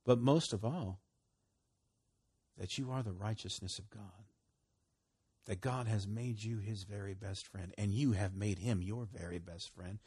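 A man preaching a relaxed, conversational sermon, his voice rising for emphasis and dropping to a murmur. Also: husky. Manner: conversational, swinging between loud emphasis and low murmurs. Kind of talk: sermon teaching.

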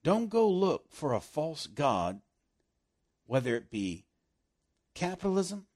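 A male preacher delivers a sermon with a very lively, swooping delivery and a voice pitched a little high. He pushes key phrases out loudly, then drops to hushed, almost whispered lines. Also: slow pace. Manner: animated preaching that swings from loud emphasis down to hushed, near-whispered lines.

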